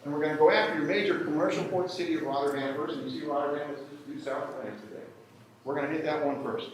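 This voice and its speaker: A man's voice: a little high, quick pace, slight background noise, close to an everyday voice. A blunt, threatening military commander played by a man lays out an ultimatum in a hard, stern voice. The sound is very echoey, from a microphone far off in a large room.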